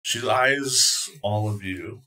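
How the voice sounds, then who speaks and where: A man acting as dungeon master, calmly narrating and calling for dice rolls with a relaxed, chuckling manner. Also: on the low side, slow, background noise. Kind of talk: running a tabletop game.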